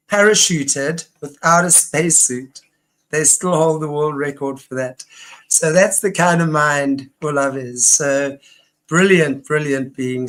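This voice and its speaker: Rambling woman hosting. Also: low voice. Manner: rambling and enthusiastic, many restarts. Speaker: host. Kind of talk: casual online show chat.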